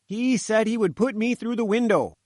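A fat little pushy reporter , as a male narrator puts him on, sputters in a high, strained voice. He talks back with cheek and indignation. The sound is dry and close. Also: moderate pace, a little mellow, no echo, natural voice. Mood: cheeky.

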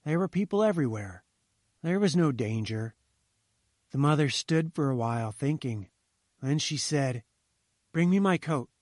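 Storybook narrator, adult man, measured and steady, dry booth sound. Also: mid-range voice, no room sound. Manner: measured, slowing to a hush at grim moments.

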